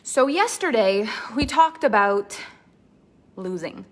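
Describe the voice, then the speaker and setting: A woman's voice: fairly high pitch, expressive, normal speed. A woman mentor leading a live online training, greeting viewers by name and then teaching earnestly with lots of repetition. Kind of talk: live-stream coaching talk.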